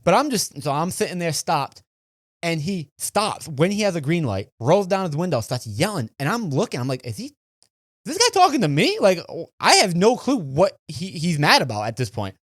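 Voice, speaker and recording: A man's voice: on the high side, very animated, normal speed, no echo, studio quality. A man co-hosting a podcast, telling a road story in casual chat, acting out quotes with frequent restarts. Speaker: podcast co-host.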